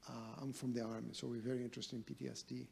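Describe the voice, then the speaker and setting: A man's voice: medium pitch, flat delivery, racing, gravelly, darkish tone. A man in the audience asking a hesitant question at a conference, with many fillers. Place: conference hall.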